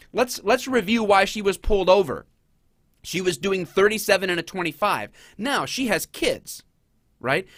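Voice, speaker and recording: A middle-aged man hosting a casual commentary show, talking in an animated, sarcastic way. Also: high-pitched, dry recording, studio quality. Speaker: host.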